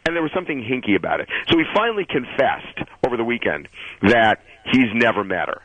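A man's voice: medium pitch, sing-song, fast talker, fairly bright tone, no room sound, lo-fi sound. A man giving a celebrity news rundown as a radio guest, stammering and emphatic as he gets worked up.

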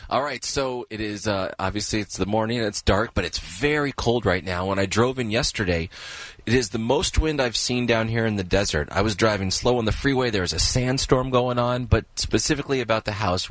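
A man reporting live for a radio show in casual banter, excitable and rambling, laughing easily. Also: fairly low pitch, no echo.

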